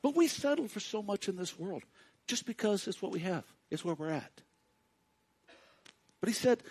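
A man preaching a sermon to his congregation, speaking directly to them and swinging between hushed and loud passages. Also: high voice, very animated, moderate pace, slightly rough. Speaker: pastor.

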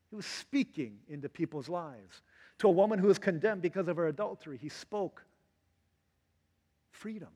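A middle-aged man preaching a sermon as pastor, animated and acting out quotes in different voices. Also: medium pitch, husky. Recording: long hall reverb.

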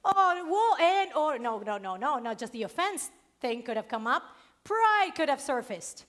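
A woman preacher with an accent, giving a sermon and telling a personal story in a lively way with frequent laughs. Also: high voice, unhurried. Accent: non-native accent. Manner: lively storytelling, laughs often, stresses key words.

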